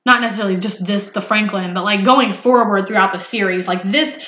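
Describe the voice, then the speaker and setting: A woman's voice: mid-range voice, brisk, reverberant. A woman co-hosting a podcast, chatting casually and acting out quotes with laughs. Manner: animated, acts out quotes with laughs. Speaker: podcast co-host. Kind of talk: casual recap chat.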